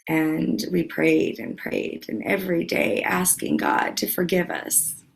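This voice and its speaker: A woman's voice: fairly low pitch, very animated, takes it slowly, gravelly, low-quality recording. A woman from Louisiana hosting a podcast, chatting casually and telling stories with plenty of fillers. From Louisiana, USA. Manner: chatty storyteller, many fillers. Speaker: podcast host. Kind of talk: casual chat.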